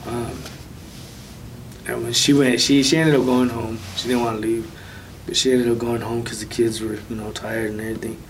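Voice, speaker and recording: A man casually recounting a personal story of faith as an interview guest, soft-spoken with light nervous laughs. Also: little pitch movement, moderate pace. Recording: distant mic with faint low rumble.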